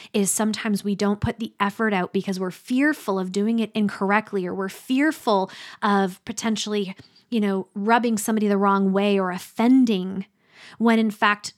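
A middle-aged woman giving a motivational talk, earnest and emphatic, slowing down for dramatic pauses. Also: medium pitch. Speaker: speaker.

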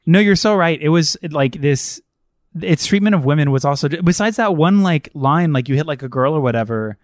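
A man's voice: fairly high pitch, lively intonation, normal speed, dry recording, studio quality. A man co-hosting a casual film discussion, gushing enthusiastically and acting out quotes. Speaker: podcast co-host.

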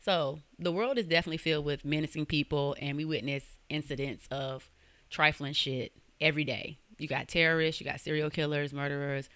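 A young woman tells a true-crime story on her podcast in loose, slangy talk, cursing as she goes. Her voice is bright and forward, recorded close and dry with no room sound. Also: low-pitched, steady tone, fairly quick, dry recording. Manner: conversational, slangy, swears freely. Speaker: podcast host.

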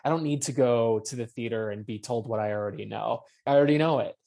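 A man's voice: mid-range voice, fast, creaky, warm tone. A man being interviewed as a playwright, talking passionately and casually, with many fillers and the odd swear word. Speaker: playwright guest.

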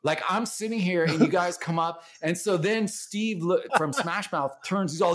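A man's voice: high voice, normal speed, hardly any pauses, fairly bright tone, slight background noise. A man, a band member, telling road stories casually on a podcast, laughing often and swearing freely. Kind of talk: casual storytelling.

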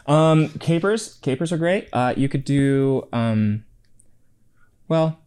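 A man's voice: mid-range voice, lively intonation, slow pace, a little mellow, smooth. A man who co-hosts a podcast and works as a psychotherapist, chatting casually and teasing his co-host with frequent laughs. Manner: playful teasing, laughs often. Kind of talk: casual chat.

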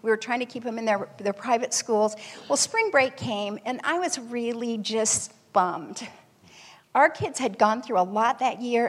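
Woman speaker, animated storyteller addressing an audience, husky tone, echoey hall. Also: fairly high pitch. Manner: lively, animated storytelling with laughs. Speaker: speaker telling a personal story.

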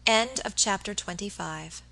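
Bright woman narrating an audiobook. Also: medium pitch, a little slow, gravelly, rough recording.

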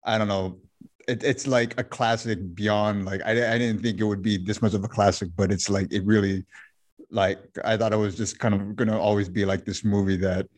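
Podcast co-host, man, lowish voice, casual rambling movie talk, lots of "like" and restarts. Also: fairly even intonation, normal speed, darkish tone. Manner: rambling, many fillers and restarts. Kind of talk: casual movie review chat.

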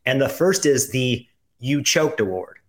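A man co-hosting a casual sports podcast, presenting segments with a relaxed, joking manner. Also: mid-range voice, unhurried. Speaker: podcast co-host.

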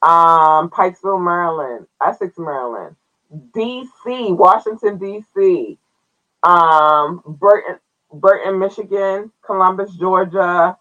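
A man's voice: high voice, slow pace, bright, forceful tone, dull audio. A man hosting his own podcast in a loose, playful way, with slangy asides as he reads out listener towns. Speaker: podcast host. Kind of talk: casual solo podcast chat.

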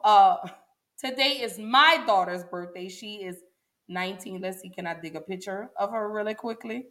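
A woman's voice: medium pitch, moderate pace, a bit bright. Woman, 40s, livestream host, chatty and emotional, addresses viewers directly. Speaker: show host. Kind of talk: casual livestream talk.

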